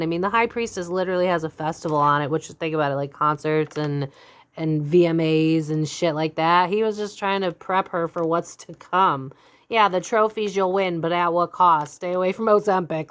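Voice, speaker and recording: A young woman with a slightly low voice reads tarot cards for her viewers in a loose, chatty way. She is blunt, curses casually and breaks into laughter. She talks plainly and candidly throughout. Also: brisk, a bit bright, smooth. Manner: blunt and candid, swears freely, laughs often. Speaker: psychic tarot reader. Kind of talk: casual spoken tarot reading.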